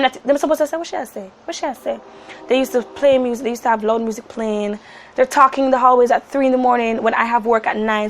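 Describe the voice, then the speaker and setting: Young Jamaican woman, nineteen, high voice, animated vlog storyteller who drops into patois. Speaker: vlogger. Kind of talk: casual storytelling to camera.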